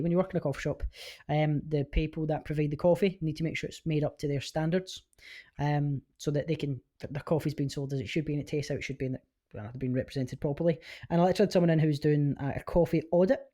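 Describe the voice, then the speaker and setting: A man's voice: fairly high pitch, steady tone, fast talker, darkish tone. A Scottish man chatting as a podcast guest in a chirpy, candid way. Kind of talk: casual chat.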